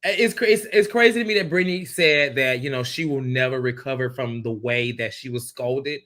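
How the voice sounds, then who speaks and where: A man's voice: mid-range voice, moderate pace, a bit bright. A man co-hosting a casual reality TV recap podcast, giving emphatic, rambling opinions. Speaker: podcast co-host.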